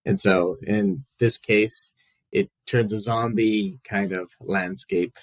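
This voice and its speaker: A man's voice: on the low side, steady tone, slow pace, no room sound. Chatty male podcast host, dry sound. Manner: chatty, rambling, frequent fillers. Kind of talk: casual chat.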